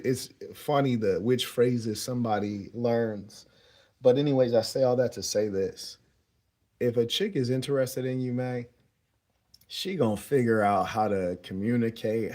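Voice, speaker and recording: A young man telling a story as a dating advice host, relaxed and slangy, often chuckling as he talks. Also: mid-range voice. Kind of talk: casual storytelling monologue.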